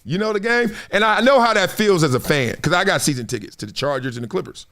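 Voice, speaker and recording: A man in his forties hosting a casual sports talk stream, animated and trash-talking, slipping into put-on fan voices. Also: sits high, fast. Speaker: show host.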